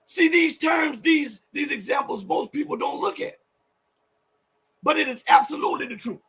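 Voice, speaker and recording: A man hosting a live political commentary show, talking emphatically and rambling through self-corrections, often rising to near-shouts. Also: extremely high pitch, expressive, normal speed, gravelly. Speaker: show host.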